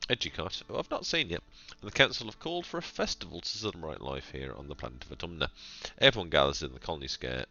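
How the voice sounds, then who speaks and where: A man's voice: a bass voice, pushed and bright, muffled recording. A man hosting a gaming channel, reading game text aloud in a narrated let's-play and breaking off for playful, chatty, jokey asides.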